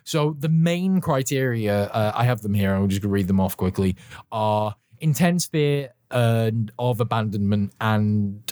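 A man's voice: fairly low pitch, a little slow, a little mellow, no echo, studio quality. A man co-hosting a podcast in casual chat, rambling and self-deprecating, with frequent swearing. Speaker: podcast co-host.

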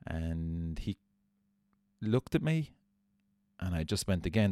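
A low-voiced man hosting a podcast, spinning a long, self-mocking story and swearing freely. He sounds close and dry, with no room around him. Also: normal speed, darkish tone, dry recording. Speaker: podcast host. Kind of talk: casual storytelling.

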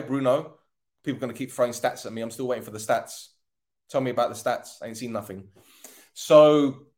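A man's voice: mid-range voice, darkish tone. A man hosting a football podcast, giving a tired, frustrated post-match rant with sarcasm and swearing.

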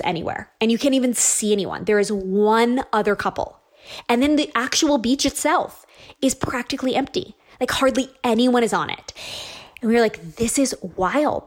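A woman in her thirties telling a personal story in a casual, chatty way, with many fillers and quoted asides. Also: mid-range voice. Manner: chatty, animated, lots of likes and ums.

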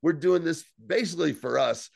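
A man's voice: fairly high pitch, brisk, gravelly, darkish tone, slight background noise. A man co-hosting a casual podcast, recapping a show in a loose, profane way. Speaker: podcast co-host.

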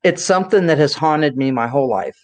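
A middle-aged woman from the Dallas area telling stories in a lively, chatty way, full of "you know.". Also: low-pitched, a little fast. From Dallas area, Texas. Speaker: guest. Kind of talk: casual storytelling chat.

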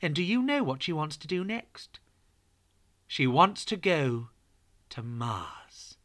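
A podcast host reads a true story to children, chatting playfully with the listeners between sentences. The voice is bright and clear, and the pitch climbs and dips with lively expression. The pace stays slow and unhurried. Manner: playful, talks straight to young listeners.

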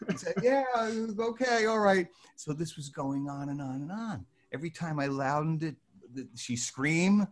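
An older man from New Jersey telling a lively anecdote, acting out the voices of the people in it. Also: fairly high pitch, normal speed. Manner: lively, acts out voices in his story. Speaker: storyteller guest.

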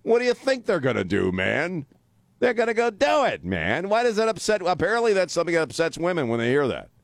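Animated blunt talk radio host man. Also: fairly high pitch, fast, creaky, no room sound, studio quality. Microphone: studio mic.

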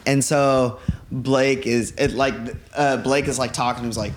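A man telling a long story on a podcast in a loose, rambling way. He leans on 'like' constantly and keeps a middle pitch. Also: steady tone, moderate pace. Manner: rambling, heavy use of 'like'. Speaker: podcast guest. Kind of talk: casual storytelling chat. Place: living room.

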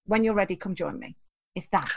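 A woman in an interview, telling animated stories from her life and acting out the voices of the people in them, often laughing. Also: mid-range voice, fairly quick, vocal fry, slightly rough, dry recording. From England. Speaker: guest, teacher trainer. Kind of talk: storytelling interview.

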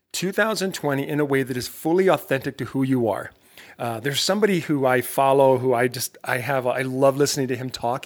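A man hosting a motivational podcast, talking in an energetic, emphatic, conversational way with lots of rhetorical questions. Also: a little high. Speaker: podcast host.

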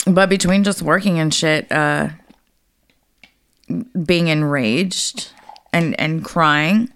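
Low, gravelly-voiced woman cursing freely. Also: drawn-out words, long pauses, no room sound. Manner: blunt, profane, animated storytelling. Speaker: podcast co-host. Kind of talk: casual chat.

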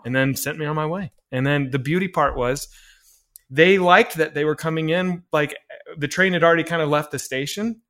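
A man's voice: fairly high pitch, moderate pace. Chatty man telling a story. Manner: animated anecdote-telling with many fillers and restarts; acts out quoted dialogue. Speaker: filmmaker guest. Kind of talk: casual storytelling interview.

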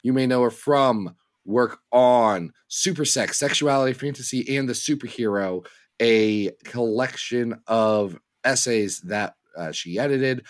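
A man with a sore throat co-hosting a casual podcast, joking and self-deprecating. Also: mid-range voice. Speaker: podcast co-host.

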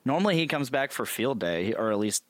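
A man's voice: mid-range voice, sing-song, fairly quick, fairly bright tone, no echo. Laughing man, dry close sound. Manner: laughs often, swears, rambling restarts. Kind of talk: casual chat.

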